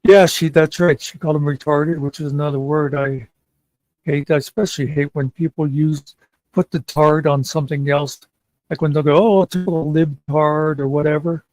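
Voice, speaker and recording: A man's voice: fairly high pitch, flat delivery, moderate pace, darkish tone, no room sound, low-quality recording. A man hosting a casual chat show, rambling and meandering with many fillers. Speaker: podcast host.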